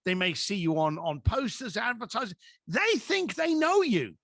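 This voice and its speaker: A man as a podcast guest, giving advice through animated stories and acting out quoted dialogue. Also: high-pitched, moderate pace, vocal fry, no echo, studio quality. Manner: acts out quoted dialogue with lively voices.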